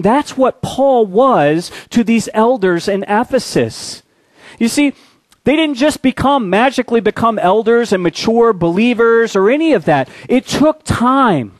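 A male pastor preaching a sermon, telling a war story with dramatic shifts into a quiet, low voice. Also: no room sound.

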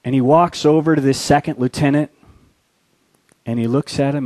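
A male pastor preaching a sermon, telling a war story with dramatic shifts into a quiet, low voice. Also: fairly even intonation, normal speed, pauses often, dry recording.

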